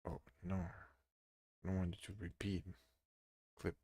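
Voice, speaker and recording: Low-voiced exasperated streamer guy. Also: monotone, takes it slowly, no room sound, clean studio sound. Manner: exasperated, swearing, talks to the software. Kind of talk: live stream chatter while 3D modeling.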